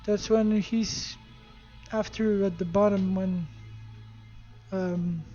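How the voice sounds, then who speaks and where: A gaming video creator casually recapping a game story, animated and profane, throwing in spoken sound effects. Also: medium pitch, slow pace, muffled recording, faint music behind.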